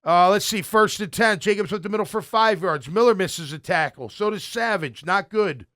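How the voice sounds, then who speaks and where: At normal speed, a middle-aged man with a fairly high voice chats his way through game film play by play. His style is blunt and excitable, with loud bursts of praise and muttered asides, like a sports show host talking casually.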